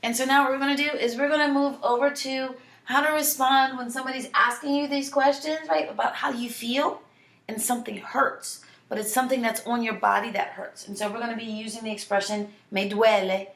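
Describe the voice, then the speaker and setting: A woman teaching a Spanish lesson from home, drawing out model phrases slowly so students can repeat them. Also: fairly high pitch, fairly even intonation, a bit bright. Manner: slow, drawn-out model phrases for repetition. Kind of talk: online language lesson. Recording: echoey room.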